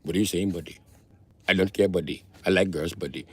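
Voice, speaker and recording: A man putting on an Indian accent to voice a fussy, chatty male gas station clerk who talks fast. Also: deep voice, slightly rough, pitched below the performer's own voice. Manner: fast, repeats buddy, fussy.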